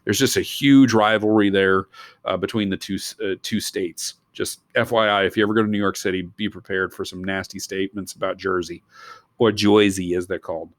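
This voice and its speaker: Male teacher, low voice, dry close sound, chatty lecturing full of asides. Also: steady tone, fairly quick, a bit bright, dry recording. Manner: rambling, digressive asides. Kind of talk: recorded history lecture.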